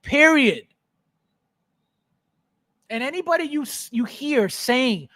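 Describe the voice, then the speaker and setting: A man hosts an unscripted livestream, ranting bluntly and emphatically, swearing, repeating himself, and reading viewer comments aloud. His voice is extremely high with big pitch swings, a moderate pace, and a fairly bright tone. The recording is clean studio sound with no room sound.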